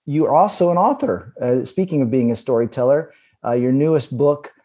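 A man's voice: medium pitch, animated, moderate pace, dark tone. A man hosting a podcast interview with an enthusiastic, encouraging manner. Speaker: podcast host.

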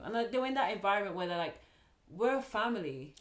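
A woman's voice: mid-range voice, expressive, fast talker, echoey room. A woman co-hosting a podcast in easygoing casual chat, often agreeing and thinking aloud. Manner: easygoing, many fillers and agreeing yeahs. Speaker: podcast co-host.

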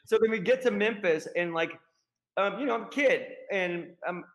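A guest actor from the American South with a Southern accent, telling rambling, self-deprecating stories in a casual podcast chat. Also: male voice, high-pitched, animated, normal speed, low-quality recording.

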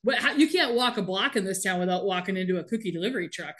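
A woman with a medium-pitched, fairly bright voice talks quickly and animatedly as she co-hosts a casual podcast. She recaps a TV episode in relaxed chat, laughing often along the way.

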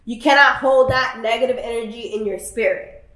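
A woman's voice: on the high side, moderate pace, a bit bright. A woman in casual podcast chat, brash and profane, often laughing. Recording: echoey room.

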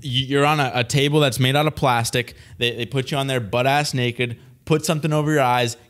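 A man's voice: mid-range voice, steady tone, a little fast, fairly bright tone. A young man in casual chat, rambling through a story with lots of fillers and laughs.

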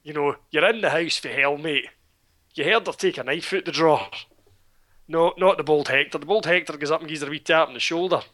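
A man's voice: a little high, a little fast. A Scottish man retelling a film plot in casual chat, sardonic and swearing freely. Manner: sardonic, swearing, animated storytelling.

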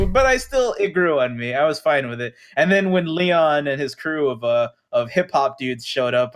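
A man's voice: medium pitch, a little fast, hardly any pauses. A man chatting casually about an anime series, rambling with frequent fillers, restarts and swearing. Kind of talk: casual chat.

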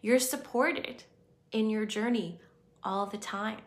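Woman giving an earnest, reassuring spiritual self-help talk, mid pitch, echoey room. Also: takes it slowly.

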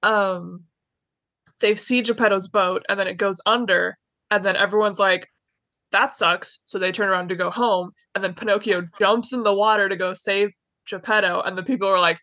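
A young woman in a casual podcast chat, rambling cheerfully through a story retelling with plenty of filler words. Her voice sits at an ordinary middle pitch, recorded close and dry with no room sound around it. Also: fairly even intonation, moderate pace, a bit bright, no echo. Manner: chatty, rambling retelling with many likes and anyways.

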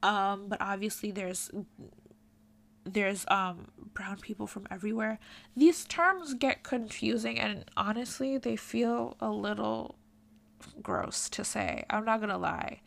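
A woman's voice: medium pitch, slow pace, vocal fry. A woman vlogger giving candid, emphatic commentary to camera, with frequent ums and restarts.

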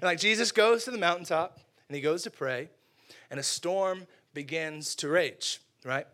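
A man preaching a lively, casual sermon, acting out characters and using slang. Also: on the high side, a little slow.

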